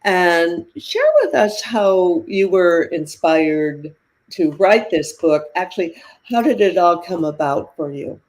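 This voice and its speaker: A woman's voice: fairly low pitch, lively intonation, slow pace, darkish tone. Older woman, podcast host, bubbly and giggly, chatty interviewer. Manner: bubbly, laughs often.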